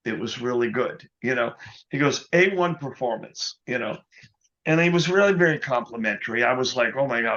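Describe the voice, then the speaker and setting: A man being interviewed as a guest musician, telling an anecdote in a casual, animated way, often adding "you know". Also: mid-range voice, lo-fi sound. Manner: animated anecdote teller, quotes others, many "you know"s.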